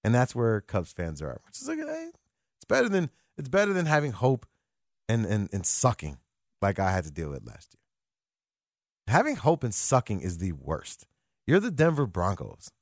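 A man hosts a casual sports radio show from a studio, joking and slangy, his medium-pitched voice swinging hugely in pitch at normal speed. The studio microphone picks up no room sound.

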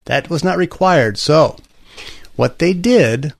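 A man's voice: fairly high pitch, animated, slow, gravelly, dry recording, studio quality. A man hosting a talk radio show, rambling and sarcastic, with frequent restarts. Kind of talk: casual political talk radio.

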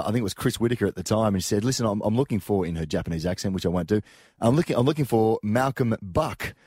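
Australian male pundit, rapid chatty delivery, dry studio sound. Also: lowish voice, a little mellow, no echo. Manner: brisk storyteller, chuckling. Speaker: rugby pundit. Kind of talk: casual radio chat.

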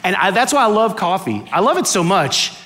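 A high-pitched man from Miami delivers a lively, joke-filled sermon in a church auditorium. He acts out little exchanges with different voices, playing to a live crowd. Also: fairly quick. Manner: animated, joking, acts out dialogue. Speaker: guest preacher. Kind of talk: sermon with comic storytelling.

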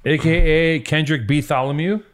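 A man's voice: on the high side, a little fast, a little hiss or hum. A man hosting a podcast in casual chat, joking and rambling with a lot of swearing. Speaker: podcast host.

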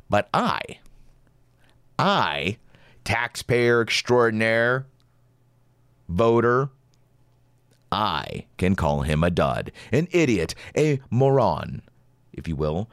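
A male show host rants through his commentary with biting sarcasm. His pitch leaps wildly up and down as he mocks and scolds. The recording is dry and close, with no room sound. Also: huge pitch swings, measured pace, no echo. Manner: sarcastic, ranting. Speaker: podcast host. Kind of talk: opinionated commentary monologue.

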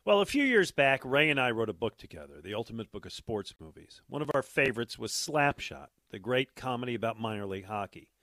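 A male radio host reading a scripted introduction with a smooth, measured delivery. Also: medium pitch, very animated, a bit bright, dry recording. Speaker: host, co-author of a sports book.

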